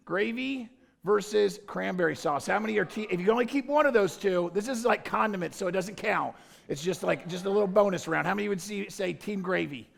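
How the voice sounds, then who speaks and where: A pastor at a church service running a playful, jokey poll with the congregation, calling out to the crowd. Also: male voice, high-pitched, vocal fry. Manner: jokey, energetic, calls out to the crowd. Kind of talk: playful audience poll from the stage.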